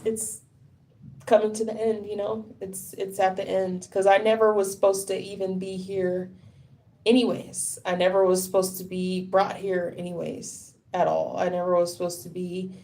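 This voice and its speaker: A woman's voice: medium pitch, mellow. A tired woman talking on a casual livestream, rambling, swearing and sounding frustrated.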